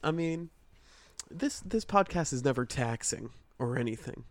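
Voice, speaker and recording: A man's voice: medium pitch, expressive, measured pace, no echo, studio quality. A man co-hosting a casual podcast, talking in a loose, giggly, laid-back way. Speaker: podcast co-host.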